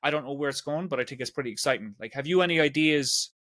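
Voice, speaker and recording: An Irish man in his forties hosts a casual podcast, rambling and chatty, with "like" scattered all through his speech. His medium-pitched, fairly bright voice moves fast, recorded cleanly in a studio with no room sound.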